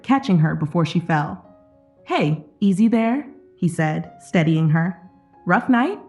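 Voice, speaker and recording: A woman narrating an emotional story in a steady, dramatic scripted reading. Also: fairly low pitch.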